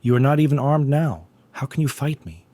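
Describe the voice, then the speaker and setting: A man's voice: on the low side, animated, normal speed, dark tone, breathy edge. A man voicing a proud, taunting masked ninja in a recap story. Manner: boastful, taunting.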